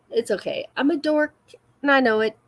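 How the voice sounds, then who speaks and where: Giggly chatty woman host, high voice. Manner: giggly, self-deprecating, chatty. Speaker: livestream host. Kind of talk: casual live chat with viewers.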